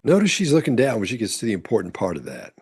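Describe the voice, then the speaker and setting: A man commenting on courtroom testimony, explaining calmly step by step. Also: on the low side, fast talker, slightly rough. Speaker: body-language commentator.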